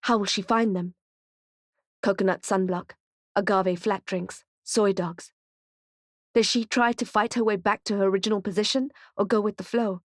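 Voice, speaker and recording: A woman narrating a thriller audiobook in a tense, steady, present-tense storytelling voice. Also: mid-range voice, moderate pace, no echo, clean studio sound.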